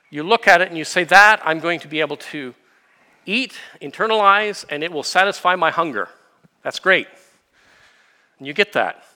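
A man preaching a sermon, explaining scripture with everyday illustrations and rhetorical questions, swinging from quiet asides to fervent emphasis. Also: high voice. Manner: expository preaching, builds to impassioned emphasis then drops to quiet. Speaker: pastor.

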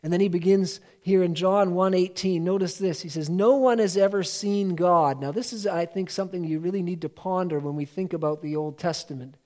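A man preaching a teaching sermon as a pastor, earnest and measured, reading scripture aloud with emphasis. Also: high voice, steady tone, warm tone.

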